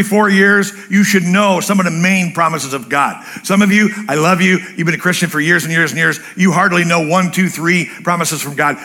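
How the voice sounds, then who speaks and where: A high-pitched male pastor preaches a sermon in church, blunt and joking. He's an animated storyteller who acts out other people's voices.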